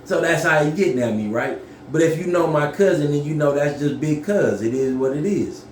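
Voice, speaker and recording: A man telling a story casually to camera, profane and animated, yelling when he acts things out. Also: a little high, brisk, echoey room, a little hiss or hum.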